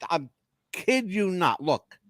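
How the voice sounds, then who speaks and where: Male podcast co-host, a touch high, lively and emphatic, jokey, dry close sound. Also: slow, no echo. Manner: emphatic, joking, keeps swearing he is not making it up. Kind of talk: casual chat.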